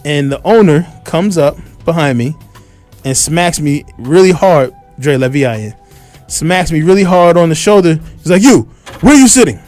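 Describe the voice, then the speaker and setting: Animated man telling a story on radio. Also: on the high side, moderate pace, faint music behind. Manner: animated storyteller, acts out shouted quotes. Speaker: radio show host. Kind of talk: casual storytelling on a radio talk show. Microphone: studio microphone.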